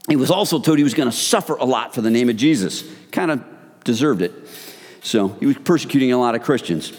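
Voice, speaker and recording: A man's voice: mid-range voice, expressive, a little fast, darkish tone. Emphatic man preaching to men. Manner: emphatic and exhorting, addresses listeners as guys. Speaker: men's group preacher. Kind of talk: sermon. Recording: long hall reverb.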